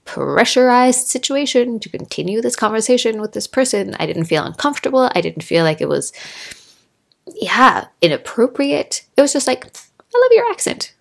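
A woman in her thirties hosting a solo podcast, talking in a chatty, animated way and acting out little quotes as she tells stories. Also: on the high side, moderate pace, vocal fry. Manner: chatty, animated storytelling with laughs and acted-out quotes. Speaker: podcast host. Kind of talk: casual solo podcast monologue. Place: Norway.

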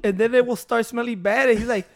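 A man's voice: very high voice, fairly even intonation, fast, creaky. A man telling rambling stories with a laugh on a casual podcast. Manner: rambling storyteller, laughs often. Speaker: podcast co-host.

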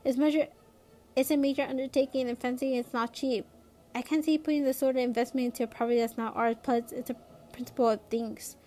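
A woman's voice: sits high, steady tone, fast, mellow, close to an everyday voice. A woman reading a weary patient father. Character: tired, patient working father.

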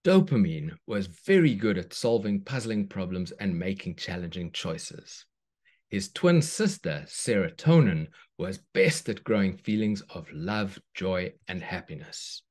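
A man, a children's book author, reading a bedtime story aloud in a gentle, unhurried way. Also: sits low, big pitch swings.

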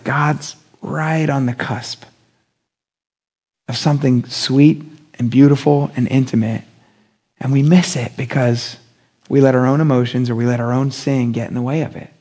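During a relaxed midweek sermon, a young adult male pastor speaks in a mid-range, slightly rough voice. His talk is lively and conversational, peppered with slang and acted-out voices for the people he quotes.

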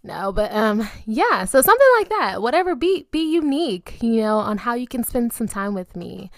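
A woman's voice: fairly high pitch, sing-song, normal speed, dry recording, clean studio sound. A young adult woman co-hosting a podcast in casual chat, playful and slangy, laughing often. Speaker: podcast co-host.

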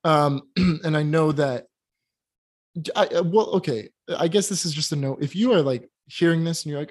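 A man's voice: fairly high pitch, expressive, normal speed. A man co-hosting a casual film review chat, giving candid and critical opinions with plenty of hesitations and restarts. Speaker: podcast co-host reviewing films.

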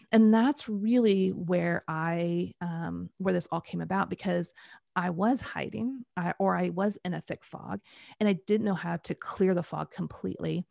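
A middle-aged woman coaching on the Enneagram, telling animated personal stories and acting out what people said. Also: lowish voice, creaky, no echo, clean studio sound. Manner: animated storytelling, acts out quoted voices. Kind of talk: conversational podcast talk.

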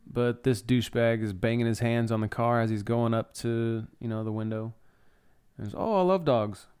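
A man's voice: medium pitch, monotone, moderate pace, a little mellow, smooth. A young adult man hosting a podcast, recapping a film scene by scene in a chatty, enthusiastic way and swearing freely. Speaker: podcast host.

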